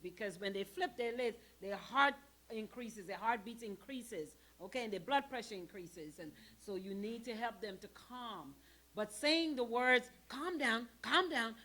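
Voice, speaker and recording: A woman presenting a parenting workshop in a church hall, emphatic and animated as she talks straight to the audience. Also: on the high side. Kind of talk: interactive church workshop teaching.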